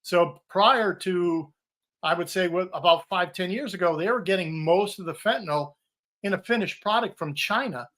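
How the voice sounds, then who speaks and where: An older man with a fairly high voice explains drug trends at length as a podcast guest. He talks in a steady, knowledgeable way, building up his points in order. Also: moderate pace. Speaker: retired drug agent guest. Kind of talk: interview answers.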